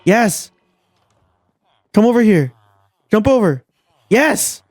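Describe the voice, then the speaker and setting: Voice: medium pitch, big pitch swings, takes it slowly, darkish tone, dry recording, clean studio sound, faint music behind. A gameplay commentator talking casually, exasperated and swearing often, scolding game characters, with the voice leaping up when frustrated.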